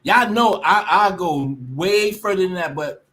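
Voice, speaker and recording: A woman's voice: lowish voice, a little slow, a bit bright. A woman ranting casually to her viewers, blunt and profane, often restarting her sentences. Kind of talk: casual rant to camera.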